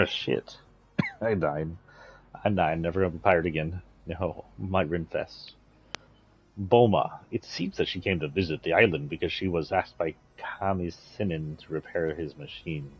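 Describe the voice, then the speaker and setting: A man streams a video game indoors, chatting in an offhand, rambling way and swearing now and then. His voice is low, husky and unhurried.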